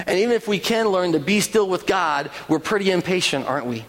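A man preaching a sermon as pastor, animated, with rhetorical questions and quoted voices. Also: on the high side, quick pace. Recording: long reverb of a large hall.

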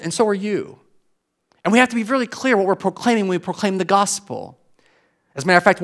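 A middle-aged American pastor preaches with an American accent, his voice sitting a bit high for a man. He tells stories with animation and doubles up words as he builds toward each point. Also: a bit bright. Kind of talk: sermon.

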